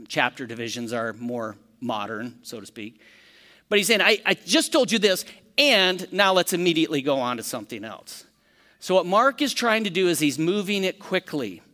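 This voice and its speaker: Teaching a Bible study, a pastor talks conversationally, asks the room questions, and acts out quick, lively storytelling examples. His voice is a little high, and the sound suggests a big room.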